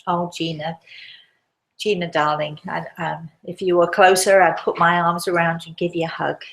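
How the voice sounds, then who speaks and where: Woman, medium hosting a live show, gravelly, low, gentle, reassuring. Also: flat delivery, moderate pace. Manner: gentle, reassuring, calls listeners darling. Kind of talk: live show reading listener questions.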